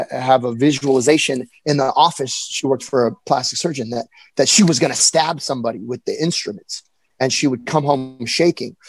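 An earnest young man tells his own story candidly. He has an average-pitched voice and often stumbles and restarts mid-sentence. The sound is dry and close. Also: no room sound, rough recording. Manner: earnest, halting with frequent restarts. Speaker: personal storyteller. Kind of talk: candid personal account.

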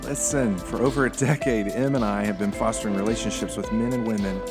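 A man co-hosting a casual podcast in a relaxed, dry-humored way. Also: fairly low pitch, a little fast, loud music behind the voice. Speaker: podcast co-host. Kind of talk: casual chat.

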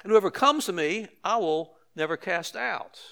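High-voiced older male pastor preaching. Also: animated, normal speed, creaky, fairly bright tone. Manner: conversational preaching with emphatic repetition and asides. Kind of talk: sermon.

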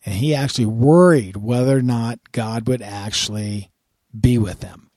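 Man, Bible teaching, earnest, husky, mellow dark tone, dry close sound. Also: mid-range voice, unhurried, no echo. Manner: earnest, repeats words when starting phrases. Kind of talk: sermon-style Bible teaching.

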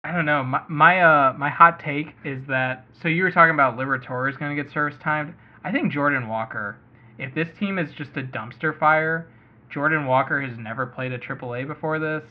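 A slightly high male voice moves fairly quickly through a casual fantasy baseball podcast. The host chats and thinks aloud with lots of hedging, and the audio comes across muffled and lo-fi.

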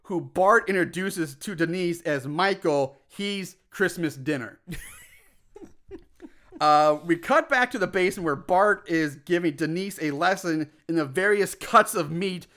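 A man with a high-pitched voice recaps a movie in a relaxed podcast chat. He tells it animatedly, slipping into the characters' lines and breaking into laughter along the way. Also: a little slow. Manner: animated storytelling, acts out lines and laughs often. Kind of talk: casual chat.

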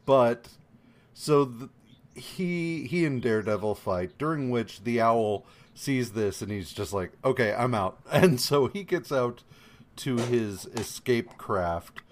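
A man's voice: medium pitch, expressive, a little hiss or hum. A man co-hosting a casual podcast, recapping a comic with many ums and meandering asides. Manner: meandering, lots of ums, quick acted quotes. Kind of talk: casual chat.

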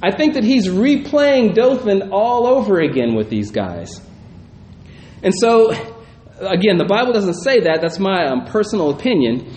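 Brief: high-pitched male pastor, casual Bible teaching, recorded in an echoey room. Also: a little mellow. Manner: reads scripture, then muses aloud with frequent "right?" asides. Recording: roomy echo, faint background noise.

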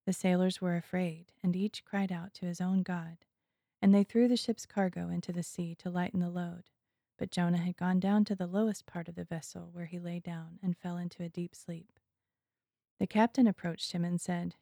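A woman reading scripture aloud in a measured, solemn way. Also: on the low side, steady tone, vocal fry, mellow, no room sound, clean studio sound. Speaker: scripture reader.

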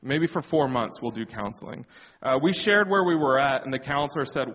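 A man's voice: mid-range voice, animated, moderate pace, fairly bright tone. A man telling his marriage story as a personal testimony in a church talk, candid and reflective with many fillers. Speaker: church speaker. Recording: dull sound with long hall reverb.

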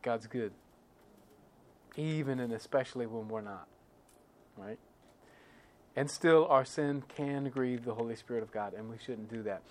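A man preaching a sermon in a conversational way, often checking in with his listeners and swinging between quiet, heavy moments and louder, emphatic ones. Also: medium pitch, measured pace, pauses often. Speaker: pastor.

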